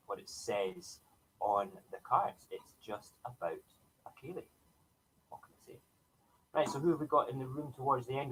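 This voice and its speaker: A man's voice: mid-range voice, a bit bright, slight background noise, poor audio. A middle-aged man hosting a casual morning livestream, chatting in a rambling way with many fillers. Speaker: host of a morning livestream show.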